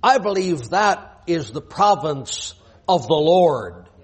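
A man's voice: fairly high pitch, big pitch swings, slow, slightly rough. A man preaching a sermon in a church, reading scripture aloud and pressing his point with rhetorical questions.

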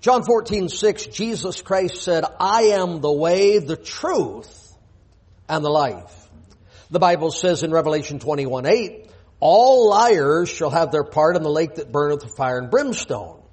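Male preacher, higher register, husky voice, emphatic sermon delivery full of rhetorical questions and scripture readings. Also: animated, unhurried, a little mellow. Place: church.

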